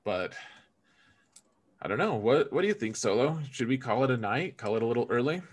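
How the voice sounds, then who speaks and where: A man co-hosting a gaming podcast, talking in an animated, joking way with frequent stammered restarts. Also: mid-range voice, a little fast, slightly rough. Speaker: podcast co-host. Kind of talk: casual gaming podcast chat.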